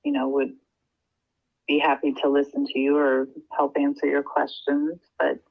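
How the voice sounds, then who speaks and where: An official on a recorded phone call, speaking calmly and softly with brief replies. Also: medium pitch, normal speed, creaky.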